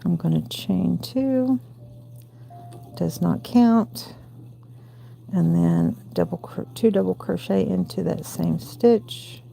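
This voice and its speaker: A woman in her forties with a gravelly voice and a Southern US accent, hosting a late-night crochet livestream from home and counting stitches aloud between chatty asides. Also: fairly low pitch, a little slow, hardly any pauses, warm tone. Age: 40s. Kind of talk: casual crochet tutorial chat.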